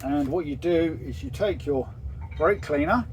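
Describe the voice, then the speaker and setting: A man calmly explaining engine parts in a casual, practical way aboard a narrowboat. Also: on the high side, a little slow, a little hiss or hum. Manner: matter-of-fact, practical. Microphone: phone camera.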